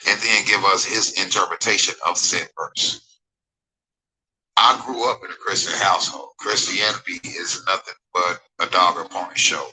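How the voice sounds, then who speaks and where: A deep, sharp-toned voice belongs to a man in his forties rambling on a livestream, heard on a low-quality recording with slight background noise. Reading his viewers' chat comments, he keeps digressing, repeats phrases with emphasis, and often asks if they follow him and agree.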